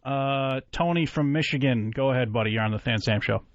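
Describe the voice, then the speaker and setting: A man at a middle pitch runs a radio show briskly, taking callers and moving the segment along. The sound is dry and close, with a muffled broadcast quality. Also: dry recording. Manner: brisk, quick to agree and move on. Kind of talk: radio hosting.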